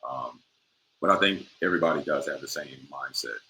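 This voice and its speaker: Very deep-voiced young man, bright tone. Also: brisk, slight background noise, poor audio. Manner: laid-back, many "like" and "you know" fillers. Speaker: professional basketball player, guest. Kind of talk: casual interview answers.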